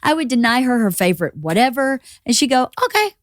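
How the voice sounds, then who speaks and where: A woman's voice: on the high side, expressive, a little fast, no echo, studio quality. A woman in her forties, a mother co-hosting a podcast, telling parenting stories in an earnest, reflective way. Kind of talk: casual podcast chat.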